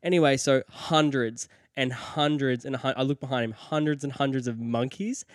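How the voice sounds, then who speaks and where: A young man co-hosting a podcast, telling a story animatedly and jumping high in pitch when acting out quotes. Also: fairly even intonation, normal speed, dry recording, clean studio sound. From Australia. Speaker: podcast co-host. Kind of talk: casual chat.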